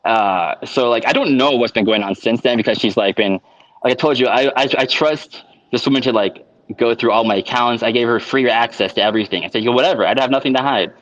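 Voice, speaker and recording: A man telling a long personal account in an unscripted monologue, halting, with constant restarts and filler words. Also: medium pitch, fairly bright tone, highs cut off. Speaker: vlogger.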